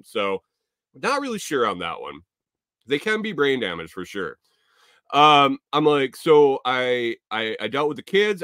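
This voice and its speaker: A man hosting a podcast, telling a casual, rambling story full of profanity that now and then rises to loud exclamations. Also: mid-range voice, no room sound, clean studio sound. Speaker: podcast host.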